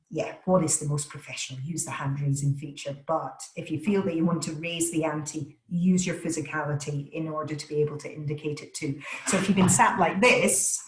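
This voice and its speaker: A woman speaks as a voice coach, leaning hard on each word with energetic, deliberate emphasis. Her voice sits fairly low for a woman. The call sounds roomy, with a noticeable echo around her. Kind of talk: webinar Q and A answers. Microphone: video call.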